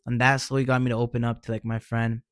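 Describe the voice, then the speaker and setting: A man's voice: mid-range voice, level tone, quick pace, smooth, no echo. Regular guy talking real casual, keeps saying man and bro, earnest encouraging tone, dry close sound. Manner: informal, peppers speech with "man" and "bro". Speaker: vlogger sharing personal experience. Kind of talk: casual heartfelt advice talk.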